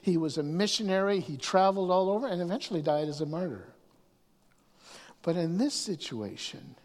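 A man preaching a sermon, often restarting his words and swinging from hushed asides to raised emphasis. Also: high voice, expressive, normal speed. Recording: long hall reverb.

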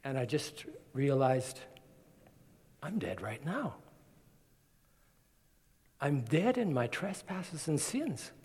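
A man preaches with steady, earnest conviction and slips into the voices of the people in his stories. His voice sits at an ordinary middle pitch. A long reverb trails every phrase, as in a large church hall. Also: slow pace, pauses often, husky. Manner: earnest, storytelling with acted quotes. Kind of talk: sermon.

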